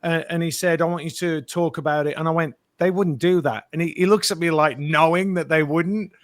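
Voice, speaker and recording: A man, an actor guest, telling lively anecdotes in an interview and acting out the quotes. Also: fairly high pitch, a little fast, no room sound. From Britain. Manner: animated storyteller, acts out quotes.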